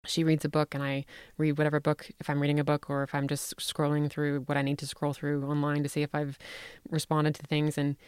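A candid, animated woman chats on a podcast, her voice sitting fairly low for a woman. She tells a family story with frequent laughs, recorded dry and close in a sound studio. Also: fairly quick, clean tone, dry recording. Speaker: podcast host and mother. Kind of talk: casual storytelling chat.

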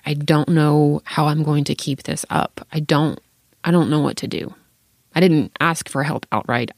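A parent in their thirties talks openly in a casual podcast chat, frank and quick to swear or laugh. The voice has a gravelly fry to it. The sound is dry and close. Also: mid-range voice, no room sound. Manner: open and frank, swears freely, laughs between thoughts.

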